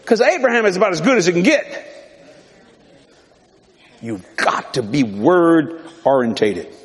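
Lively, folksy preacher man. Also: a little high, a little slow. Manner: animated, folksy, laughing through stories. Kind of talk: humorous storytelling sermon. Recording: reverberant hall with live audience.

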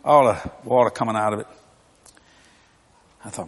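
A man in his sixties preaching a humorous storytelling sermon, animated and folksy, often laughing through his stories. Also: mid-range voice, moderate pace, in a large hall.

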